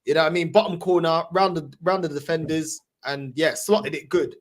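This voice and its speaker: A young man hosting a casual football debate, arguing his points with animated, emphatic bursts. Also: a little high, fairly quick. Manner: animated, argumentative, rising to emphatic peaks. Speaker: podcast host.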